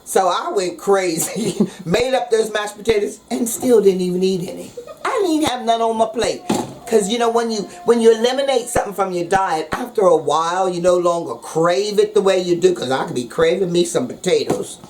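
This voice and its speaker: A woman's voice: medium pitch, a little fast. A woman hosting a casual cooking vlog in her kitchen, talking in a playful, jokey, slangy way. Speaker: cooking show host. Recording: noisy background.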